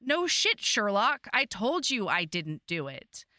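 A woman's voice: mid-range voice, sing-song, slow, bright, forceful tone, no echo, studio quality, exaggerated voice. A woman voicing a fed-up, defiant young heroine from a romance novel, snapping back indignantly.

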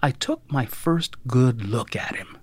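Wry first-person storyteller, unhurried and dry, lively intonation, close studio sound, occasional whispered asides. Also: mid-range voice, breathy edge, dry recording. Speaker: audiobook narrator. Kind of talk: scripted first-person narration.

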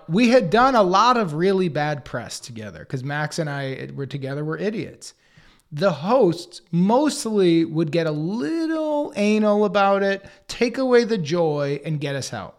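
A man in his forties tells stories in a loose, chatty interview. He jumps into other people's voices as he goes, animated and quick to rise in pitch. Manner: animated, acts out others' lines in quotes. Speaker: podcast co-host and guest. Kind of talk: casual storytelling chat.

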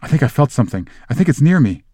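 A man's voice: medium pitch, sing-song, racing, warm tone, dry recording, clean studio sound, voice pushed up, close to an everyday voice. A man voicing a frightened, superstitious teenage schoolgirl who speaks in an alarmed, pleading way. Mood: terrified.

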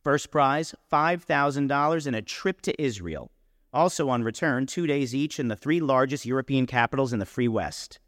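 A man's voice: mid-range voice, lively intonation, normal speed, a bit bright, dry recording, clean studio sound, long reverb tail, lightly acted. A man reading a story aloud and voicing an eager, determined young woman who talks insistently and coaxingly. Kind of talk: audiobook reading.

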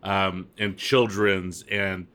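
A man with a lowish but bright, forceful voice chats on a podcast. He jokes easily and lets his sentences trail off hesitantly. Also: little pitch movement, very slow. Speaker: podcast co-host. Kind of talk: casual chat.

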